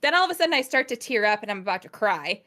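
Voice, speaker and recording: A woman co-hosting a gaming podcast, telling an anecdote in an excitable, breathless rush and quoting herself often. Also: mid-range voice, very fast. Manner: excitable, breathless storytelling with quoted self-talk. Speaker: podcast co-host. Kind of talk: casual chat.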